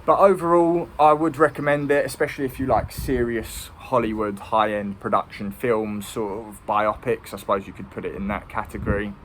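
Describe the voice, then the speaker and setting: A man's voice: fairly low pitch, fairly even intonation, moderate pace, hardly any pauses, a bit bright, slight background noise. A man giving a casual, rambling film review. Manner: rambling, with many ums and restarts.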